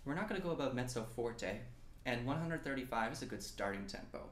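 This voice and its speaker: A man's voice: medium pitch, expressive, fast talker, reverberant, a little hiss or hum. A young man from New Mexico teaching an online snare drum lesson, encouraging and counting aloud as he plays along. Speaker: percussion teacher. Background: snare drum and practice pad playing.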